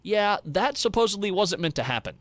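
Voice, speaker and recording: A man giving scripted narration of movie trivia in a brisk, reading style. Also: sits high, very animated, fairly bright tone, dry recording.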